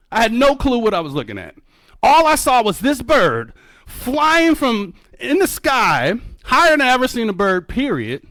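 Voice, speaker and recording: A man giving a keynote talk as a birder and educator, telling a story with lively energy, calling the audience folks and acting out his own reactions. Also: very high-pitched, no room sound. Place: museum event hall.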